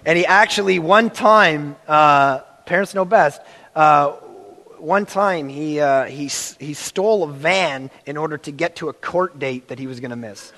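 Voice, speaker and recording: A man preaching a sermon with a high voice. He tells a story in an animated way and acts out the quotes. His voice rings with the long reverb of a large hall. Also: a little slow.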